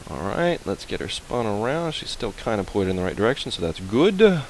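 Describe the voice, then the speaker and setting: A playful man hosting a game playthrough, talking low with a gravelly edge and swinging his pitch a lot. He chats loosely and hums along while he plays. A faint hiss sits under the recording. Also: big pitch swings, fairly quick, rough recording. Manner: chatty, playful, hums and repeats fillers. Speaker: let's play host. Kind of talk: casual game commentary.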